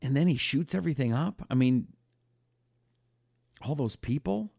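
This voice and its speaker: A man's voice: mid-range voice, moderate pace, vocal fry, husky, dry recording, clean studio sound. A man hosting a talk radio show, telling stories and acting out quotes. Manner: animated storytelling, acting out quotes.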